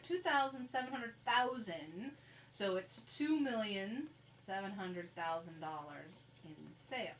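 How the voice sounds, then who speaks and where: A woman's voice: on the high side, a bit bright, far from the mic, rough recording. A woman teaches a math lesson, talking plainly through each calculator step. Her voice sits a little back from the microphone, with a faint hiss underneath. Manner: conversational, walks through calculator steps. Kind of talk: recorded classroom lecture. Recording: faint noise, voice a bit off-mic.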